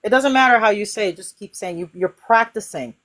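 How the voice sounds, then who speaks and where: A woman hosting a casual spiritual chat, talking in an animated way and acting out inner voices. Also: medium pitch, brisk. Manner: animated, acts out inner voices with sighs and cries. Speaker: host.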